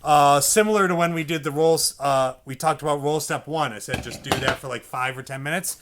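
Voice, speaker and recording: Teaching a percussion lesson over a noisy background, a man speaks fairly quickly with a fairly high pitch. He patiently explains the drum pattern, says the drum syllables aloud, and keeps asking "okay?"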